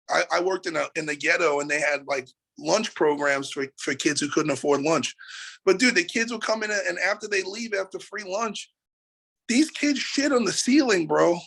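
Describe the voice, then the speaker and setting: Man w a gravelly high voice swearing a lot, worked up, casual interview guest, from nyc. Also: moderate pace. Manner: profane, animated ranting with laughs. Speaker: musician guest.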